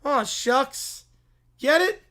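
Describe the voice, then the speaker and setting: A man playing a goofy young man who shouts the same corn pun catchphrase again and again, in a comedic read-aloud. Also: very high-pitched, very slow, full character voice. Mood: goofy, shouting.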